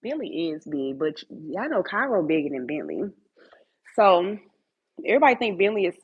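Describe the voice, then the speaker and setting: A woman's voice: fairly low pitch, very animated, normal speed, breathy edge. A woman streaming live from her home kitchen at night, chatting casually with viewers and talking to her dogs. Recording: tinny phone-like sound.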